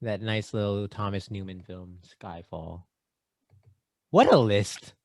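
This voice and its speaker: A man's voice: on the low side, slow pace, dry recording. Playful male podcast co-host. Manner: playful, rattling off shout-outs. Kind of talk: casual chat.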